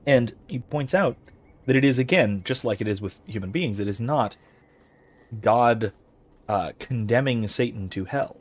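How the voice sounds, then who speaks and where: A man's voice: medium pitch, measured pace. A man hosting casual gameplay commentary on philosophy, hiccuping throughout and apologizing while rambling with many fillers. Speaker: philosophy lecturer and let's-play host.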